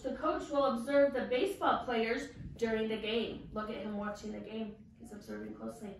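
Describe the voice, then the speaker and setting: A woman kindergarten teacher leads a vocabulary lesson with a bright, high voice. She asks slow, patient questions and has the children repeat after her. She is recorded from a distance in a very echoey classroom with faint background noise. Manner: slow, patient questioning with call-and-response prompts.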